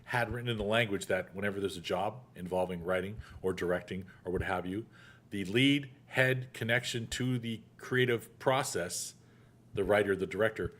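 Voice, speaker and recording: A man's voice: fairly low pitch, normal speed, a bit bright. A man hosting a casual sports chat show, an actor who tells stories animatedly and acts out the quotes. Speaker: podcast host.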